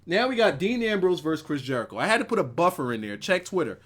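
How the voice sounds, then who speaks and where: A man with a slightly high voice that swings all over the place tells a rambling, profane story to his live chat. He talks loose and casual, swears freely and chats back at viewers between his wrestling show reviews. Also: sing-song, fast talker, a bit bright, husky.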